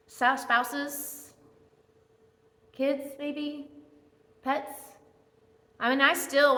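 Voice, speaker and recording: A woman preaches in a church with a high, bright voice, telling personal stories in a chatty, self-mocking way. Her words ring out into a long, echoing hall reverb. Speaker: guest speaker at church. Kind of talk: sermon with personal storytelling. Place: church sanctuary.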